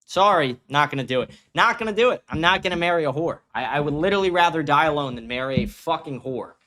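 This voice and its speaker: A man's voice: on the high side, quick pace, bright, forceful tone. A man hosting a commentary show, reacting to clips and ranting profanely with mocking asides. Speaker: host.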